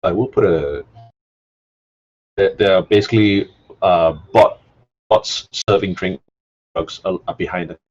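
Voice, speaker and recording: A man narrating a tabletop game as game master, pausing often with fillers. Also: low-pitched, steady tone, a little mellow, dull audio. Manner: halting, filler-heavy narration.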